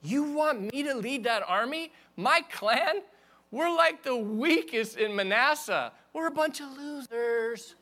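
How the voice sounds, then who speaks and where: A nervous, self-doubting biblical man , as a preacher puts him on, stammers and protests in a high, strained voice. His pitch climbs steeply and his delivery sounds bright and tense. He comes across as flustered and pleading. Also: expressive, unhurried, heavily acted.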